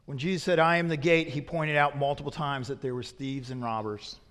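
A man's voice: mid-range voice, fairly even intonation, fairly quick. A man preaching a sermon as pastor, asking his congregation rhetorical questions and growing emphatic when he warns them. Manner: grows forceful and emphatic when warning. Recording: long reverb of a large hall.

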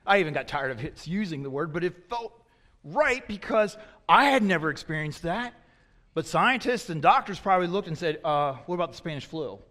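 A man preaching a sermon in a conversational, storytelling way, swinging between loud emphatic phrases and hushed asides. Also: sits high, expressive, normal speed. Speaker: pastor. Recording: long reverb of a large hall.

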